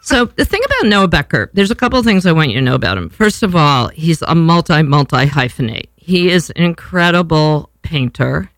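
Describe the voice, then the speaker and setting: A woman's voice: low-pitched, big pitch swings, brisk, few pauses, no echo. A woman, hosting a casual talk show in a brash, rambling way, swearing freely. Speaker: podcast host.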